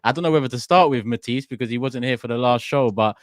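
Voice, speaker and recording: A man hosting a football talk show with upbeat shout-outs. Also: medium pitch, quick pace, no echo, clean studio sound. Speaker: host. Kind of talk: casual chat.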